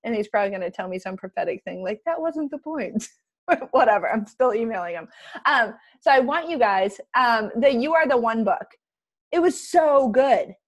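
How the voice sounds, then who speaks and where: A young woman leading a casual motivational team call over a computer mic, chatty and excitable with quick asides. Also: a little high.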